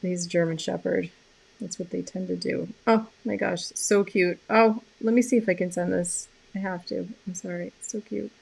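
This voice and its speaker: A woman hosting a live stream about animal communication, talking casually and softly, rambling with many fillers and restarts. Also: lowish voice, steady tone, normal speed, vocal fry, husky.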